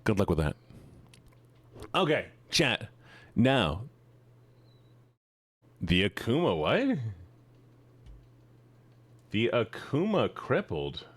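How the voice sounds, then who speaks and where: A man livestreams while teasing and joking with his chat, hamming up mock-villain boasts as his pitch swoops wildly. He talks very slowly with frequent pauses, and his voice is a bit bright with a breathy edge. The recording is close and dry, with no room sound at all.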